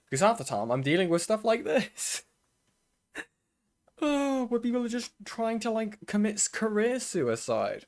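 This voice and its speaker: A man's voice: fairly high pitch, sing-song, moderate pace. A man streaming commentary, talking bluntly and casually, swearing often and laughing at his own exasperation.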